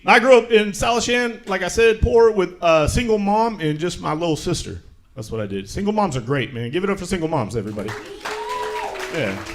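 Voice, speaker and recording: Lively high-voiced comedian doing stand-up. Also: male voice. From Tacoma, Washington. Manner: laid-back, self-mocking, chuckles through punchlines. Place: comedy show with live audience.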